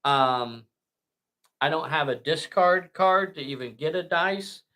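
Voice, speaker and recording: A man whose first language is not English, narrating a tabletop miniatures game with slow, dramatic play-by-play. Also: a little high, pushed and bright.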